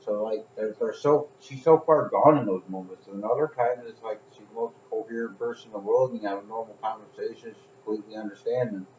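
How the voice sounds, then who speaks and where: A podcast co-host with a lowish, slightly mellow voice tells rambling, profane stories in casual chat, talking quickly with hardly any pauses and laughing along as he goes. The room is echoey and the sound dull, with a little hiss or hum.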